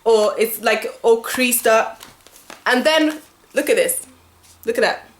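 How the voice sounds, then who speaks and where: A woman vlogger talks straight to camera in a fairly high voice, venting with animated exasperation and plenty of fillers. The room around her is echoey. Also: takes it slowly, slight background noise. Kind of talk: casual ranting vlog to camera.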